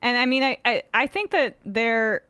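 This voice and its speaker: A woman hosting an interview, asking questions with halting, searching phrasing full of restarts. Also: a little high, expressive, sharp tone, smooth, no room sound, studio quality. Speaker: show host. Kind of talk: casual conversational interview.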